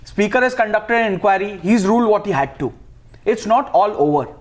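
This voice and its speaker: Man, heated debater, high voice, rushed delivery, talks over people. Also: lively intonation. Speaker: party spokesperson.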